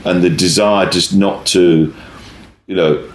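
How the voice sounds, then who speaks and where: A man with a very low voice tells a story about his stand-up gigs, chatty and full of restarts. The sound is roomy, with a faint hiss underneath. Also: slow. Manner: rambling, self-interrupting, animated anecdote teller. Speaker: stand-up comedian. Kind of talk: conversational interview storytelling.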